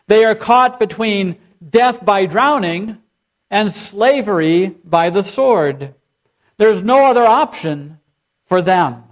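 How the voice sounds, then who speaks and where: A man preaching a sermon as pastor, leading his congregation in call and response. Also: sits high. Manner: leads the congregation in repeated chanted responses.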